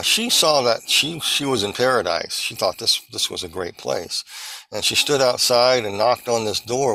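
A man earnestly recounting a vision as testimony, halting and restarting as he searches for words. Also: on the low side, a bit bright, dry recording, low-quality recording.

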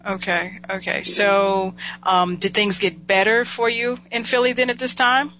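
A woman's voice: mid-range voice, flat delivery, unhurried, bright, forceful tone. A woman hosting a casual interview, supportive, answering often with "okay". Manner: supportive, many "okay" acknowledgements. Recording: dull lo-fi sound with faint hum.

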